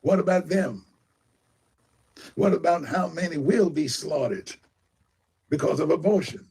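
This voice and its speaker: Gravelly, raspy-voiced older-sounding preacher man. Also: on the high side, animated, a little slow, darkish tone. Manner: rambling, fond of big words. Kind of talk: preaching commentary.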